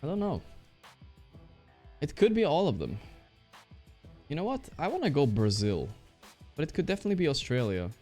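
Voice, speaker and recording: A male streamer chatting casually while he plays, excitable and trash-talking, swearing often. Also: a little high, normal speed, pauses often, faint music behind. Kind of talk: casual live-stream chat while playing.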